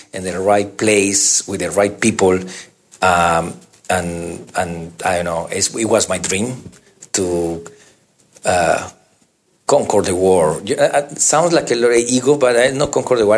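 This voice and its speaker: A man with a lowish voice tells his life story in halting, broken English. He restarts his sentences often and acts out the voices of the people in his story, which keeps the telling lively. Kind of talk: casual storytelling interview.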